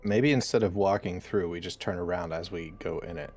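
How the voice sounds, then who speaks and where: Guy playing tabletop rpg, lowish voice, talks plans through slowly. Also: darkish tone. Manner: thoughtful, floats plans in a low-key way. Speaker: player. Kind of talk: casual game chat.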